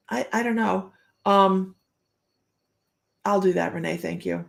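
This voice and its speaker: A woman's voice with a gravelly, fry-edged texture, doing a psychic reading on a casual live stream. She talks in a loose, rambling way and laughs often between thoughts. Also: mid-range voice, fairly even intonation, a little slow, long pauses. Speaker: psychic medium.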